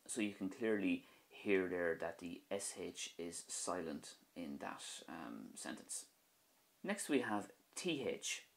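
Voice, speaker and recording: A young man with an Irish accent teaching Irish pronunciation in a video lesson, slowly repeating each example word. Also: low voice, very animated.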